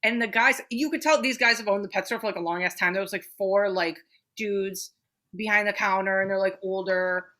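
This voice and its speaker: Bright-voiced, swearing woman podcaster. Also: mid-range voice, fairly quick. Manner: animated, profane storytelling. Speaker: podcast co-host. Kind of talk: casual chat.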